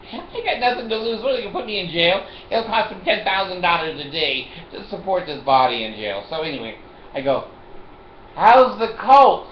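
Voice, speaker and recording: Seated in a chair at home, this older vlogger delivers a loose, joking monologue to the camera, laughing frequently. His voice is high-pitched and animated, his pace moderate. There's slight background noise, and the recording has a roomy, flat home quality.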